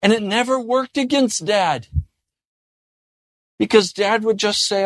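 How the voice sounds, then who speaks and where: A man preaching in an unhurried, deliberate cadence, letting each phrase land. His voice sits fairly high for a man and often sinks to a soft, gentle hush. The sound is close and dry, with no room around it. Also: dry recording. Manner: earnest, drops to soft gentle tones. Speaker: pastor. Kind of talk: sermon.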